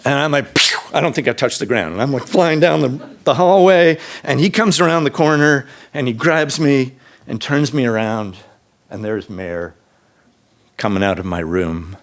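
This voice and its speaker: A man in his fifties or sixties telling a true story on stage to a live audience, casual and unscripted, jumping to a high excited voice when he quotes himself. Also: moderate pace. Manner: casual, with fillers and restarts. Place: stage in a public venue.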